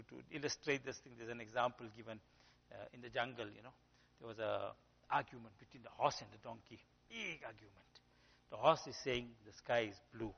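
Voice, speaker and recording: A man's voice: medium pitch, gravelly, husky. A male preacher giving a conversational sermon, telling stories and often saying "you know". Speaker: Islamic preacher. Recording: dull sound with long hall reverb.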